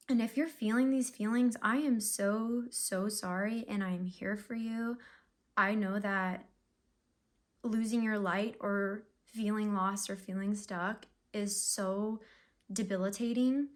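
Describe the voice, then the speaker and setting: A young woman giving a casual, emotional tarot reading to camera, chatty and full of fillers and sighs. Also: mid-range voice. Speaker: tarot reader.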